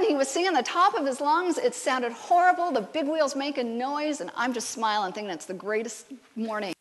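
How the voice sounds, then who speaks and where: A woman's voice: sits high, brisk, some chatter behind. A woman giving a conversational sermon, telling stories and bantering with the congregation in a church sanctuary. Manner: lively storytelling, banters with the congregation. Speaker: preacher. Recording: long church hall reverb.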